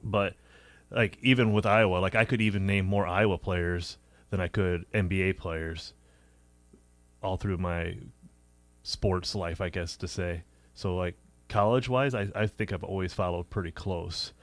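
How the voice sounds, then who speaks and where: This man has a very low, deep voice recorded close and dry in a radio studio. He co-hosts a sports talk show, musing in a halting, filler-laden way. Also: steady tone, dry recording. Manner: reflective, halting, many fillers.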